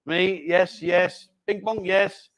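A man hosting a lively live-stream chat in a bar, bossy and jokey, calling everyone mate. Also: high voice, slow pace. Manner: jokey, bossy banter, calls people mate. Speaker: host.

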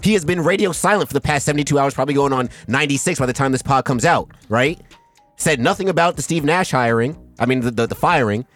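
A man with a mid-range voice and a fairly bright tone talks quickly over soft background music. He's a sports podcast host on a heated rant, swearing emphatically and often pausing to ask "right?"

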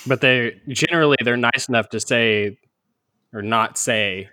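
A man's voice: mid-range voice, unhurried, bright, forceful tone. A man hosting a casual podcast chat with friends, laughing often and swearing freely. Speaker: podcast host.

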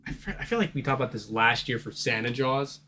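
A man's voice: mid-range voice, quick pace, bright, forceful tone, slight background noise. A man hosting a horror movie podcast, chatting in a crude, rambling way and laughing easily. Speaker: podcast host. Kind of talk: casual podcast chat.

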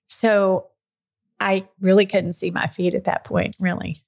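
A woman's voice: medium pitch, level tone, measured pace, vocal fry, darkish tone. A middle-aged woman telling a personal story in a candid, chatty way, sometimes getting emotional. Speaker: podcast guest. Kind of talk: casual storytelling chat.

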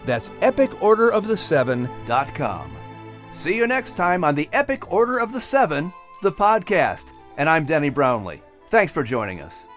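Male narrator-host, lively announcer read, a bit high, music bed under. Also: moderate pace. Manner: animated announcer delivery. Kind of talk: scripted podcast outro and promo.

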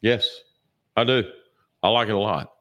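A man with a very low, deep voice chats casually as a co-host. He rambles through his stories with plenty of fillers, restarts and throat clearing, sounding a bit sore and sluggish. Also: steady tone, measured pace, fairly bright tone. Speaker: podcast co-host. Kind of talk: casual chat.

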